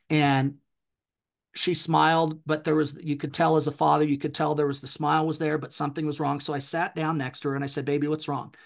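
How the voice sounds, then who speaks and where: A man's voice: on the high side, gravelly. A middle-aged man telling a personal story as a podcast guest, with an intense, emphatic delivery.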